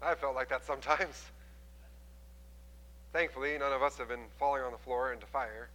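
A pastor preaches a sermon at normal speed in a mid-range voice, telling the story with animated delivery and acting out the quoted voices. The recording is rough, with a big-room sound.

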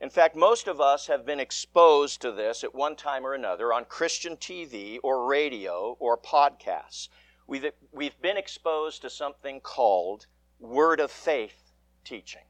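A man reading the gospel aloud and preaching a sermon in church, measured and with dramatic emphasis. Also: mid-range voice, expressive, no echo. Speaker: pastor.

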